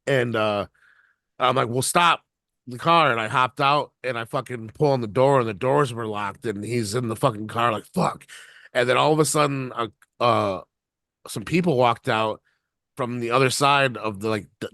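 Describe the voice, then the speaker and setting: On a podcast, a co-host laughs his way through a rambling, expletive-laden anecdote in a mid-range, slightly bright voice. The recording is dry and cleanly studio-made.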